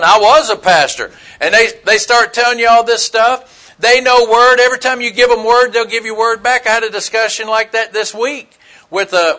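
A man's voice: sits high, pushed and bright. A man preaching a conversational sermon, telling stories in a blunt, folksy way and asking his listeners questions.

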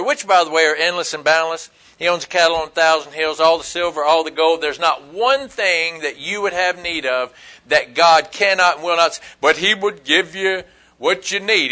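A man's voice: on the high side, pushed and bright. A man preaching a sermon in a folksy, emphatic way, full of rhetorical questions. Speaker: pastor.

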